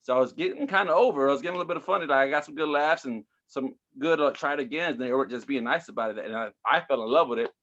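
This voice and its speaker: A man's voice: medium pitch, very fast, few pauses, a bit bright, highs cut off. Chatty rambling man telling stories. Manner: loose, rambling, chatty with many fillers. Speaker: stand-up comedian guest. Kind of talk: casual interview storytelling. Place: Houston area.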